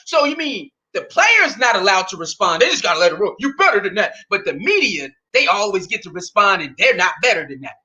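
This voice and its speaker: A sports talk host in his thirties, his voice high-pitched, pushed and bright, launches into a heated solo rant. Indignant and profane, he fires off one rhetorical question after another.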